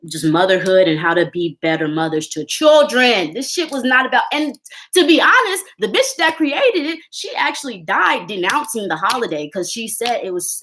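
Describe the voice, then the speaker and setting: A woman's voice: mid-range voice, a bit bright. A woman in her twenties, ranting bluntly and heatedly to camera and swearing constantly. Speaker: vlogger.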